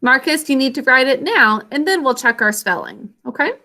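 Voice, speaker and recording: A young woman teacher leading an online spelling lesson over a video call, clear and encouraging. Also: high-pitched, animated, normal speed, pushed and bright.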